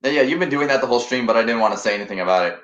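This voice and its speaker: A man hosting a casual livestream, explaining things in a relaxed way. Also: mid-range voice, rapid-fire. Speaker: livestream host. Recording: dull, echoey room sound.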